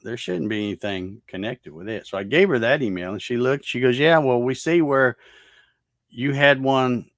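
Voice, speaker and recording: A man's voice: mid-range voice, normal speed, a bit bright, dry recording, clean studio sound. A man, casually telling a long story over his morning coffee, rambling with lots of fillers and restarts. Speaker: host.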